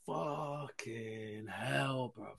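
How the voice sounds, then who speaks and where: A man's voice: mid-range voice, extremely slow, creaky. A man, co-hosting a casual live podcast and telling stories in heavy slang with lots of swearing. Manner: animated, swearing, slang-heavy storytelling with frequent laughs. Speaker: podcast co-host.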